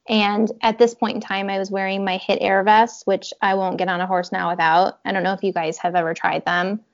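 A woman casually chatting, telling an animated personal story and acting out what people said. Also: mid-range voice, gravelly, muffled recording. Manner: animated storytelling, acts out quotes, laughs often. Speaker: horse rider telling her story. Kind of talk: casual podcast chat.

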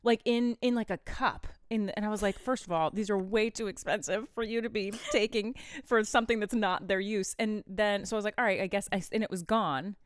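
A woman's voice: mid-range voice, steady tone, a little fast, few pauses, smooth, no echo, clean studio sound. A woman in her thirties co-hosting a podcast, telling family stories in casual chat and laughing often. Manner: chatty storytelling, laughs often. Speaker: podcast co-host.

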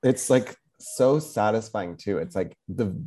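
A man co-hosting a podcast, retelling a story in a loose, animated way with crude jokes. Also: on the low side, a little slow. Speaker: podcast co-host. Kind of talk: casual podcast chat.

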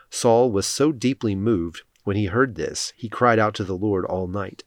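A man reading scripture aloud as scripted narration, in a solemn, steady way. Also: on the low side, normal speed, hardly any pauses, dry recording, studio quality. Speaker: scripture reader.

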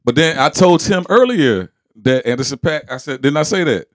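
A man's voice: on the high side, moderate pace, dry recording, studio quality. A man co-hosting a casual podcast chat, telling stories with quoted voices and frequent laughter. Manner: animated storyteller, quotes people, laughs often. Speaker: podcast co-host.

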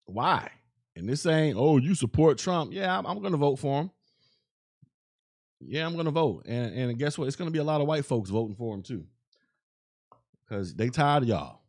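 A man's voice: mid-range voice, big pitch swings, normal speed, pauses often. Rambling man ranting on his podcast. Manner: loose and rambling, with filler phrases and restarts. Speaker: podcast host. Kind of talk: casual solo podcast rant. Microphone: podcast microphone.

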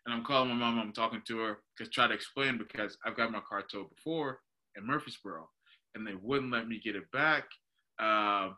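A man's voice: lowish voice, a little fast, sharp tone. A young man, animatedly telling a story on a casual podcast, laughing and calling his listener "dude.". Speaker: podcast co-host.

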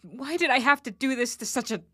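A woman playing a young woman harassed at her office, speaking in halting, emotional lines of a spoken word drama. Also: high-pitched, animated, pushed and bright, dry recording, studio quality, exaggerated voice. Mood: anguished. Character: young woman harassed at work after an assault.

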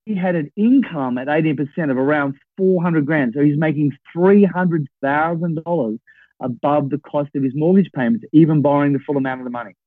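Man, 60s, podcast guest, animated storyteller, dry tinny phone-line sound. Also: a little high, fairly quick, no room sound. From Australia. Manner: animated, checks in with "right?". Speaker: podcast guest, property investor. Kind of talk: storytelling in a conversation.

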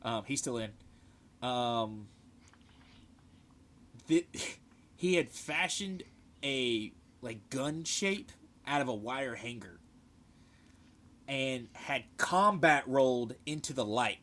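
A man telling a profane, animated story in casual chat. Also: medium pitch, slow, long pauses.

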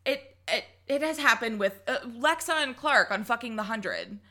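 A woman's voice: on the high side, expressive, normal speed, sharp tone. A young woman co-hosting a casual podcast, ranting heatedly and swearing often. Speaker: podcast co-host.

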